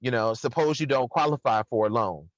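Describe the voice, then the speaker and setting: A man's voice: medium pitch, fairly quick, no room sound. Man, earnest reflective interview guest, dull dry recording. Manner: earnest, reflective, with bursts of animated laughter. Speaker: restaurant owner, interview guest. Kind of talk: casual conversational interview. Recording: slightly dull, dry sound.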